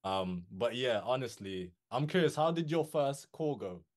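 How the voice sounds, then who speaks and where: Young male guest, mid-pitched, casual animated storyteller, throws in "bro" and "yo". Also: measured pace. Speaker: guest copywriter.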